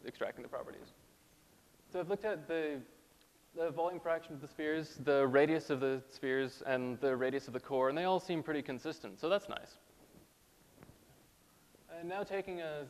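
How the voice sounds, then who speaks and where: A man presenting a scientific talk at a conference, halting at times with fillers and restarts. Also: medium pitch. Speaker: conference speaker. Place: lecture hall. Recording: hall reverb, faint hiss.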